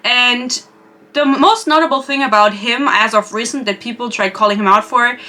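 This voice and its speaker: A woman's voice: a little high, moderate pace, bright, forceful tone. A young woman from Europe hosting a podcast, chatting in a gossipy, rambling way full of asides. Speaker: podcast host. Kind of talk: casual chat.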